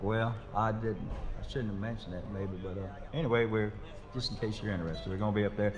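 A man's voice: lowish voice, steady tone, fast. A man serving as bandleader, with rambling, folksy, self-deprecating stage banter. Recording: echoey live hall with crowd noise.

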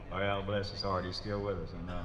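A man serving as bandleader, with rambling, folksy, self-deprecating stage banter. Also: low-pitched. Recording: echoey live hall with crowd noise.

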